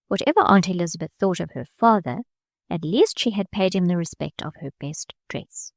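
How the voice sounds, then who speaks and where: A woman narrating a classic novel as an audiobook, reading in a measured way and lifting her voice slightly for the characters' lines. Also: a little mellow, no room sound, studio quality. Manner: measured reading, small lifts of pitch for quoted characters.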